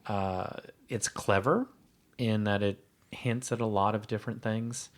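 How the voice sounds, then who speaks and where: A man co-hosting a podcast, talking casually and thoughtfully, pausing with fillers as he weighs his view. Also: lowish voice, fairly even intonation. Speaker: podcast co-host. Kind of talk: casual chat.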